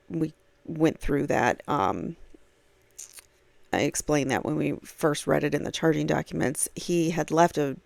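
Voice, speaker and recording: A woman's voice: low voice, creaky, a little mellow, no echo. A woman commenting on a true crime case, reading aloud from a blog with frequent fillers and casual asides.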